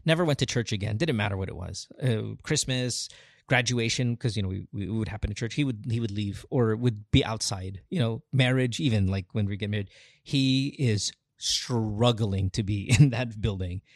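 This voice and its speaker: A man's voice: on the low side, normal speed, no room sound, clean studio sound. A man hosting a podcast, talking in an earnest, rambling way with many restarts. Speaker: podcast host. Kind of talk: casual heartfelt conversation.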